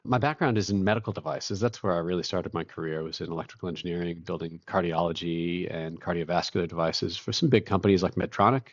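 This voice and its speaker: Deep-voiced man, dry muffled sound. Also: quick pace, few pauses, dry recording. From Boston, USA. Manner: relaxed storytelling, occasional self-laughs. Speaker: guest, company co-founder and CEO. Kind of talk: conversational interview.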